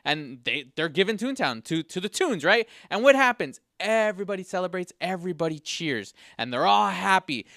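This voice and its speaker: A man's voice: high voice, sing-song, normal speed, creaky, few pauses, fairly bright tone, no echo, clean studio sound. A man hosting a podcast segment, delivering an exasperated comedic rant with frequent stumbling restarts. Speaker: podcast host.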